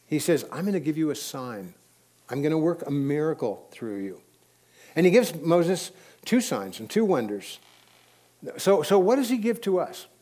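A man's voice: a little high, very animated, normal speed, warm tone. Conversational male preacher. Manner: conversational, storytelling, with sudden emphatic rises. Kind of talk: sermon.

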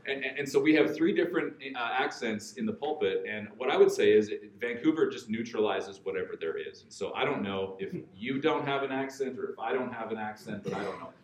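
A man's voice: mid-range voice, animated, fairly quick, few pauses. A man from Alberta, Canada, with a Western Canadian accent, preaching in a conversational, joking way and repeating words for emphasis. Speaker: pastor. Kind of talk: sermon. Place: large church hall. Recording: echoey church hall.

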